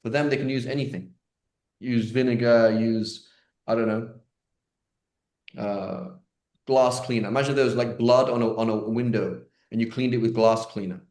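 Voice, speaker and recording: A man's voice: mid-range voice, fairly even intonation, normal speed, a little mellow. A man teaching an online question-and-answer class in a chatty, joking way, with many fillers and restarts. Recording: roomy echo.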